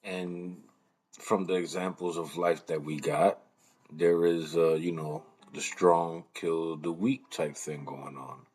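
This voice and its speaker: Low husky man muttering on a stream. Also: level tone, slow, a little mellow. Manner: profane, rambling, muttering to himself while fumbling with the computer. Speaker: live-stream host. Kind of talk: casual live-stream commentary.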